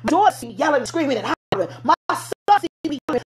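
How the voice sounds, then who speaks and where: A middle-aged woman delivers a fervent sermon in a high, bright-pitched voice. She exhorts her listeners directly and slides into casual vernacular phrasing. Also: sing-song, fast talker, noisy background. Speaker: preacher.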